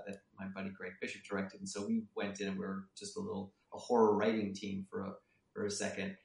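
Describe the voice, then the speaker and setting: A man guest on a casual interview, telling stories with lively energy and acting out the people in them. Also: fairly low pitch, roomy sound. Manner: animated storyteller who acts out people in his anecdotes. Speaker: author and screenwriter guest.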